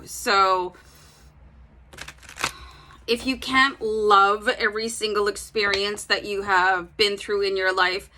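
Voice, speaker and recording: A woman's voice: medium pitch, bright, forceful tone, a little hiss or hum. A woman giving a casual tarot reading, chatting directly to her viewers with plenty of fillers. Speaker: tarot reader.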